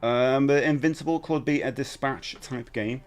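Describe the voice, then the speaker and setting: A man's voice: normal speed, soft background music. British man chatting on a livestream. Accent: British English. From United Kingdom. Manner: animated, jumps between high excited bursts and low mutters. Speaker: livestream host. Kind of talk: casual live stream chat.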